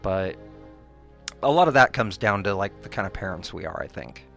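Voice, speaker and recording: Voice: animated, normal speed, vocal fry, fairly bright tone, soft background music. A podcast co-host chatting casually, rambling with many fillers and restarts and acting out quoted people. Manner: acts out quoted people in higher voices. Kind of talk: casual chat.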